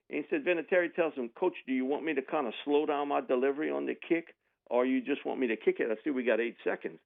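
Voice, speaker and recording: Over a tinny phone line, this man speaks fast with a creaky, medium-pitched voice. He's a radio guest recounting a sports anecdote, animatedly imitating the characters' voices and laughing along.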